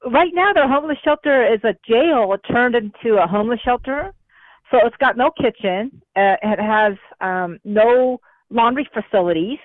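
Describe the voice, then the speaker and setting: A woman from New Mexico calling into a talk show, talking in an excitable, scattered way. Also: a little high, moderate pace, no echo. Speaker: caller. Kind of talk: phone-in call. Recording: phone line.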